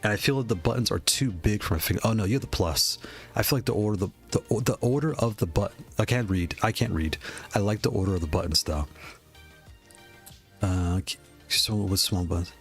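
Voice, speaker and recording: A man from the Northeast of the US is chatting his way through a live stream, reading questions from chat and thinking out loud. His voice sits on the low side, and he breaks into excited reactions. A little music plays faintly in the background. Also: fairly quick. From Northeast United States. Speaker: streamer reviewing game controllers.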